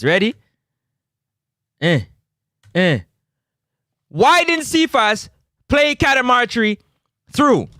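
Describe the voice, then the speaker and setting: A man's voice: high-pitched, bright, forceful tone, no echo, studio quality. A young man, giving exasperated, pleading commentary over a football match replay. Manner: exasperated, pleading, repeats himself. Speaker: football review host.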